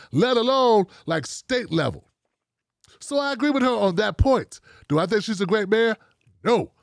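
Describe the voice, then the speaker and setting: A man with a high-pitched voice hosts his own talk show. He speaks bluntly and casually and swears freely. The sound is dry and close, with no room echo. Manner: blunt, profane and animated, talking straight at the audience. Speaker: show host.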